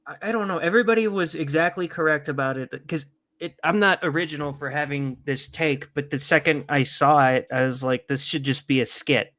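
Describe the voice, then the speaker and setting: A man co-hosting a casual podcast chat, retelling stories with animated bursts of mock excitement. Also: a little high, fairly quick. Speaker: podcast co-host.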